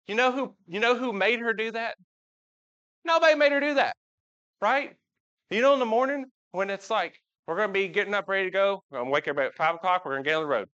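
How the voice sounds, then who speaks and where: Man, casual sermon, talks with the congregation, slightly high voice, dull lo-fi church recording. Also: expressive, fast talker, fairly bright tone. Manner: chatty, asks the congregation questions. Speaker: preacher. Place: church sanctuary. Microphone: live church recording.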